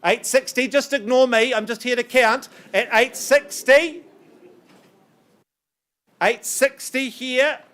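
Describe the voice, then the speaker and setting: A man working as an auctioneer, calling bids in a brisk, coaxing patter with banter, his voice strained and getting worn. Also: very high voice, fairly even intonation, fairly bright tone. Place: auction room.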